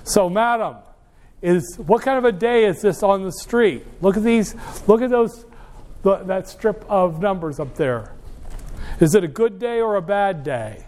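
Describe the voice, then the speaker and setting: A man's voice: sits high, animated, measured pace, a little mellow. A man lecturing a university finance class, wry and joking, addressing students directly with emphatic asides. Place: lecture hall.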